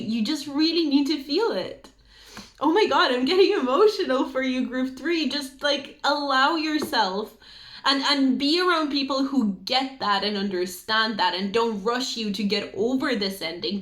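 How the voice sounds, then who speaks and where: A woman's voice: a little high, a bit bright. A woman giving an intuitive card reading to her viewers, earnest and emotional, rambling with many fillers. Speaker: tarot reader. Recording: echoey room.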